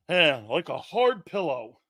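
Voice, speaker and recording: A brash male sports talk host with a high, sharp, bright voice. He rants in a loud, mocking and profane way and often shouts. The sound is close and dry. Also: dry recording.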